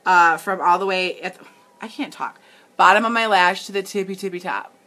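A woman's voice: lowish voice, moderate pace, pushed and bright. A woman hosting a live makeup tutorial, chatting casually with viewers and laughing often. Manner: giggly, talks straight to viewers, easily amused. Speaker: makeup demonstrator and livestream host.

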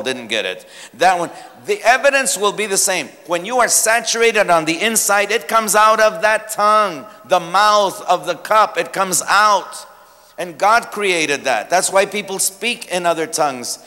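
A male pastor preaching a sermon, telling stories with lively humor. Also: a little high. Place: church sanctuary. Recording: long church hall reverb.

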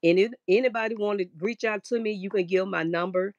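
A woman's voice: mid-range voice, a little fast, no echo, muffled recording. Emotional woman guest on a dry call line. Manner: emotional, soft-spoken.

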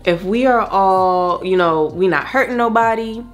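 A woman with a mid-range voice talks a little slowly as she does her makeup at home. It's a casual get-ready-with-me vlog, and she rambles while addressing her viewers directly. Soft music plays in the background.

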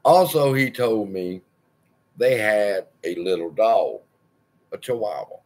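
A man's voice: on the low side, lively intonation, slow, darkish tone. A man hosting his own channel, telling a personal story in a rambling, profane, wry way. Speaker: channel host.

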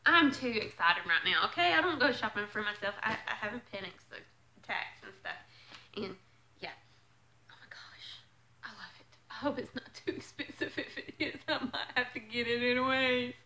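A woman vlogging as she unboxes a clothing subscription box, chatting casually and gushing with excitement. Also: on the high side, a little fast, slight background noise, low-quality recording.

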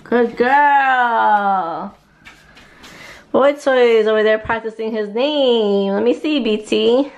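A woman's voice: fairly high pitch, slow pace, muffled recording. A young woman chatting casually in a family vlog at home, giggly and teasing. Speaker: vlogger. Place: home, indoors. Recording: echoey room, faint noise.

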